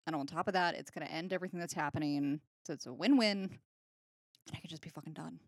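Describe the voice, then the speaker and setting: A woman co-hosting a casual podcast chat, animated, with frequent "like" fillers and casual swearing. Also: deep voice, fast, dry recording, clean studio sound. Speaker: podcast co-host.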